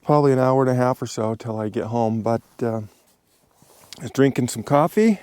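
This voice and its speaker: Out on a desert cliff and campsite, an American travel vlogger talks into a handheld action camera in a smooth, darkish, medium-pitched voice, a little on the fast side. His camping narration is casual and chatty, sprinkled with fillers and laughs.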